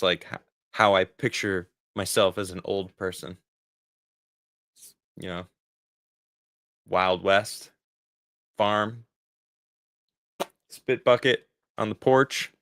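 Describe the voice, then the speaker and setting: A man's voice: on the low side, fairly bright tone, no echo, studio quality. A man in his forties, rambling in a casual livestream as he answers viewer chat, often laughing. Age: 40s. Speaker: streamer reading viewer chat.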